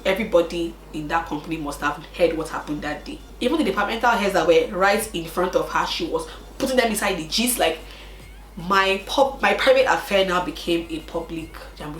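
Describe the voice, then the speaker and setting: Brief: young woman, lower voice, emotional storyteller, roomy echo with faint music. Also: brisk. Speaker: vlogger. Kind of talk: casual storytelling chat.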